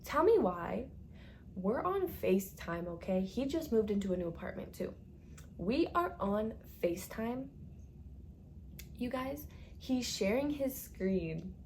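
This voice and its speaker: A woman's voice: on the high side, big pitch swings, unhurried, a little mellow, a little hiss or hum. A young woman telling a casual storytime to her viewers, chatty and dramatic, with lots of "like" and swearing.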